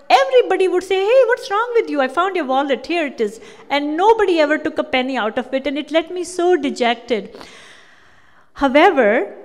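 Woman, Kashmiri speaker, high voice, animated devotional storytelling, long hall echo. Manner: animated storytelling, acting out quotes. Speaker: speaker giving a talk with slides. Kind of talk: devotional personal testimony.

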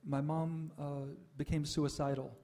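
Older male storyteller, mellow and slightly raised pitch, reflective, halting pauses. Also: level tone. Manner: reflective, with frequent "uh" pauses and soft laughs. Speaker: speaker sharing a spiritual life story. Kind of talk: personal testimony talk.

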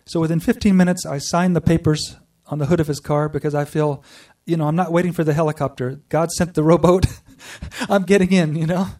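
Man, earnest testimony speaker, mellow tone, distant mic. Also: fairly high pitch, steady tone. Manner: earnest storytelling with pauses and restarts. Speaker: speaker sharing a personal spiritual story. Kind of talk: personal testimony to a group.

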